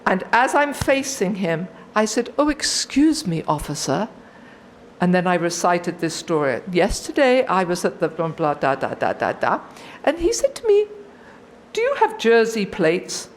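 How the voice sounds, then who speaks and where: A woman in her sixties telling a personal story at a recovery meeting, animated and acting out her own thoughts. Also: on the low side, a little slow, slight background noise. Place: meeting hall.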